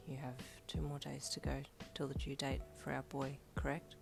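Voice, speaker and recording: A woman voicing a calm, gentle young husband in a fanfiction reading, speaking softly and low, almost whispering. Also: normal speed, gravelly, music in the background, full character voice. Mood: tender. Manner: soft, quiet, near-whispered.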